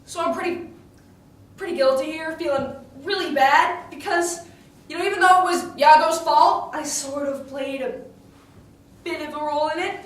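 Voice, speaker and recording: A woman's voice: sits high, normal speed. A woman telling a story in character in a chatty, indignant way, full of fillers and restarts. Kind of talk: in-character monologue retelling a tragedy. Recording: echoey room, distant mic, faint ambience.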